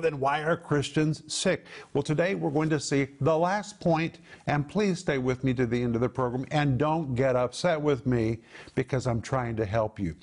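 A man teaching the Bible on a program, emphatically explaining Greek and Hebrew words. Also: mid-range voice.

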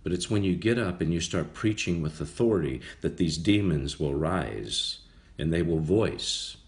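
Deep-voiced man preaching a casual Bible study. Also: animated, moderate pace. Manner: conversational, repeats phrases for emphasis.

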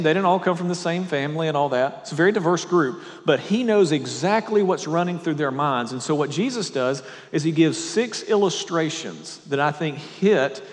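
A man's voice: fairly high pitch, long reverb tail. A male pastor preaching a sermon, walking through scripture verse by verse with conversational asides to his listeners.

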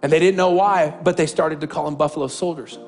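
A man's voice: a little high, steady tone, fast, faint music behind. A man preaching a sermon as a pastor, impassioned and repeating phrases for emphasis.

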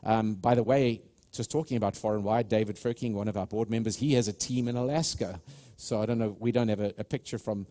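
A man's voice: fairly low pitch, steady tone, brisk, mellow. A man from Africa, a pastor giving a live church sermon in an earnest, stop-start way, often restarting and calling out to the congregation. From South Africa. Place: church sanctuary.

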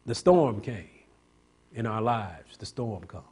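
A man's voice: on the low side, lively intonation, slow, a little mellow, husky. A man preaching a sermon, pushing each point up into emphatic, rising climaxes and drawing call-and-response from the congregation. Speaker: pastor.

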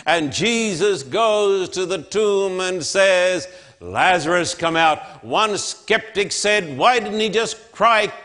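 A man's voice: high voice, bright, forceful tone. A man preaching a sermon in church, with an emphatic, repetitive cadence. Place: church sanctuary. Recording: long hall reverb.

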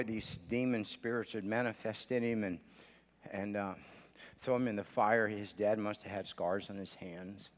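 A male pastor preaching a sermon, swinging between shouted declarations and hushed storytelling, with many "uh" fillers between phrases. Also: lowish voice. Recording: long church hall reverb.

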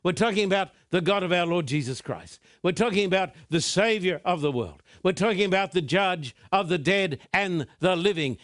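A man preaches in a high, ringing voice. He draws out his words slowly and leans hard on each point. The sound is dry and close, with no room echo. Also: a bit bright. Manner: slow, emphatic preaching with drawn-out words. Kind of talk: broadcast sermon.

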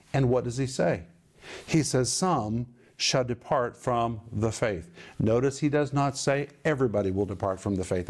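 A man's voice: mid-range voice, a little mellow. A man giving a televised Bible teaching, speaking emphatically and explaining Greek words.

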